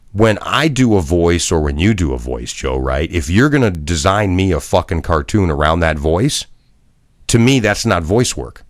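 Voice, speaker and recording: A man's voice: low-pitched, no room sound, clean studio sound. A middle-aged man and former broadcaster, co-hosting a podcast in casual chat with blunt, profane rants. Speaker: podcast co-host.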